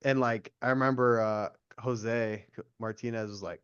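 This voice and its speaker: A man's voice: on the low side, little pitch movement, moderate pace, few pauses, clean tone, no echo. A man rambles in casual, profane podcast chat. His audio is muffled, dull and completely dry.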